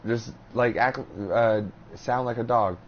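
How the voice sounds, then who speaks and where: A man's voice: medium pitch, steady tone, unhurried, muffled recording, slight background noise. A man co-hosting a casual podcast, pushy and laughing, swearing through the banter. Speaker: podcast co-host. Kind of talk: casual chat.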